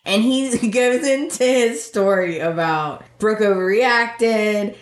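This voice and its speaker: A woman's voice: mid-range voice, takes it slowly, reverberant. A woman co-hosting a podcast, reacting animatedly and adding teasing asides while recapping soap opera scenes. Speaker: podcast co-host.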